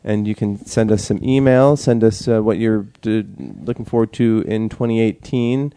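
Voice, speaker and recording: A man hosting a casual podcast, talking in a rambling, halting way with many fillers. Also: on the low side, fairly even intonation, warm tone, clear, resonant tone, dry recording. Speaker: podcast host.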